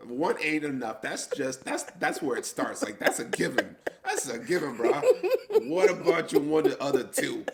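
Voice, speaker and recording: A man's voice: mid-range voice, moderate pace, vocal fry, over a noisy crowd. A middle-aged man co-hosting a podcast, telling stories with laughs and acting out what people said. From United States. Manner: animated storytelling, acting out quotes with laughs. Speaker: podcast co-host. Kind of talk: casual chat.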